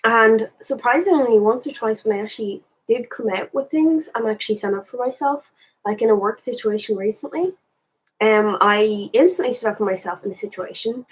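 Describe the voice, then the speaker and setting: Breathy Irish woman musing aloud. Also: a little high, lively intonation, normal speed, poor audio. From Ireland. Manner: candid, rambling, thinks aloud with restarts. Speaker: spiritual vlogger. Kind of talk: casual reflective monologue.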